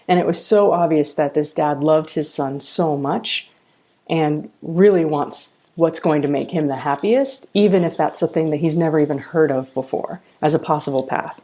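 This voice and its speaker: A woman's voice: deep voice, moderate pace. A middle-aged woman, a college founder, telling earnest stories in a podcast interview. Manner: earnest, animated storyteller.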